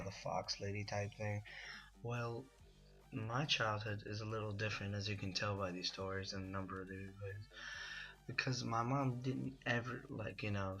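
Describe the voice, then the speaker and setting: A man's voice: on the low side, bright, forceful tone. A young man telling a long, rambling personal story in a casual way, packed with "you know" and "like", as the host of a gaming video. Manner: rambling, full of "you know" and "like", laughs at his own story. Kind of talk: casual storytelling over gameplay.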